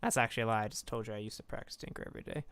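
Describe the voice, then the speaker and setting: A young man casting a video game with excitable, swearing, self-mocking commentary, talking close to his microphone. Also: fairly low pitch, rapid-fire, clear, resonant tone. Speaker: game caster. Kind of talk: casual esports commentary.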